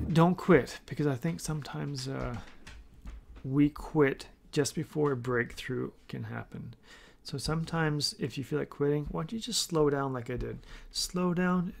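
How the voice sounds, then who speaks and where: Gravelly-voiced man coaching by story. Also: mid-range voice, a little hiss or hum. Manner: storytelling, acting out quoted dialogue. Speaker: triathlon coach and podcast host. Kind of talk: casual solo podcast talk.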